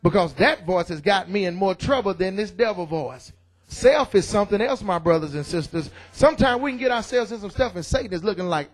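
A middle-aged man preaching a loud, excited sermon in church, calling out to the congregation. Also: high-pitched, fairly quick. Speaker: pastor. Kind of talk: energetic sermon.

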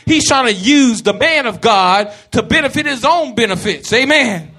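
A man preaching a sermon, shouting and repeating his phrases in a rhythmic build. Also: very high voice, animated, moderate pace.

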